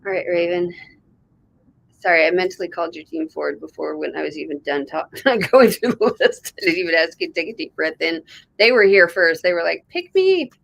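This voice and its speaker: A woman with a lowish voice gives intuitive readings on a live online session. She rambles and talks straight to the person she's reading for, in a loose, conversational way. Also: fairly quick, vocal fry, no echo, rough recording. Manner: rambling, conversational, addresses the viewer directly. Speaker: intuitive reader.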